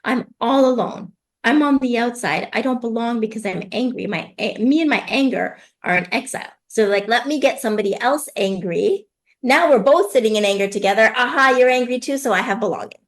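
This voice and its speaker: A woman parenting coach explaining advice in conversation, lively, often acting out what parents and kids say. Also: a little high, fairly quick. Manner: animated, acts out parent and child voices.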